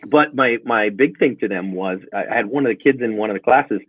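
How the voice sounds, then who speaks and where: Middle-aged guy rattling off stories fast, husky voice, sounds like a phone line. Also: on the low side, no room sound. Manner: animated, acts out dialogue in stories. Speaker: self-defense channel guest. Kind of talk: casual storytelling interview. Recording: tinny phone-like line, dry.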